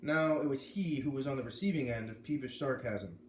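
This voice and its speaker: A man reading a chapter of a novel aloud, voicing the characters with lively shifts. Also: medium pitch, fairly quick, reverberant, slight background noise. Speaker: reader.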